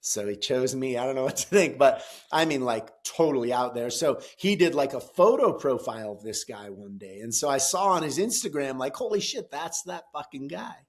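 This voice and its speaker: A middle-aged man telling a story in a casual, animated way, swearing and acting out the quotes loudly. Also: mid-range voice, brisk, hardly any pauses. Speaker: podcast guest, gym founder.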